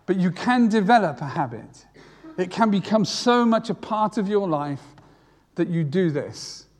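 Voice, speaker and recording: A man's voice: high-pitched, lively intonation, unhurried, darkish tone, big-room sound. A retired man preaching a sermon, earnest and repeating key phrases for emphasis. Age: older.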